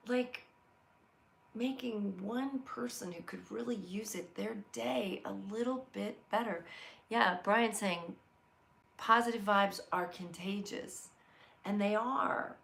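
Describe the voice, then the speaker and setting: Earnest gravelly woman hosting a live talk. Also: medium pitch, a bit bright. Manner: earnest, storytelling, reads viewer comments aloud. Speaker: host of a live inspirational show. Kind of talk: heartfelt live motivational talk.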